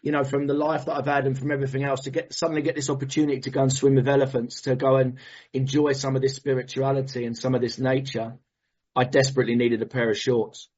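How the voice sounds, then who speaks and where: A husky-voiced man shares his recovery story with animated, emotional storytelling and the odd swear word. The recording sounds muffled and lo-fi, as if captured on modest gear. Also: medium pitch, quick pace. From England. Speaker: recovery meeting speaker.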